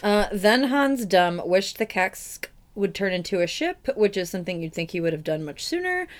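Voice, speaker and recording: A woman's voice: medium pitch, big pitch swings. A woman co-hosting a podcast, retelling a fairy tale in casual comic chat with irreverent asides. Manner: irreverent retelling with quick put-on voices for characters. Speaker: podcast co-host. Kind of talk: casual comedic storytelling.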